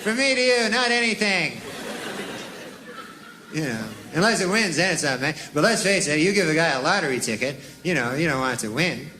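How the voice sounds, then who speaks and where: Comic rambling deadpan on stage, kinda high voice, noisy club crowd behind. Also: male voice, quick pace, hardly any pauses. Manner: deadpan rambling with folksy fillers. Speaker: stand-up comedian. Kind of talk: stand-up routine. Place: comedy club stage with laughing audience. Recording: live club recording with crowd and noise.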